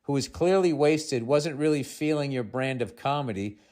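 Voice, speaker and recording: A man's voice: mid-range voice, moderate pace, darkish tone. Sarcastic man reading a listener letter. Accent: Boston. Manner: sarcastic, exasperated asides, shifting between reading and ranting. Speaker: podcast host.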